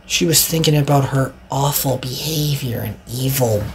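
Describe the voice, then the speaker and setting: A woman narrating a storybook tale in a slow, animated reading. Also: very deep voice, slight background noise.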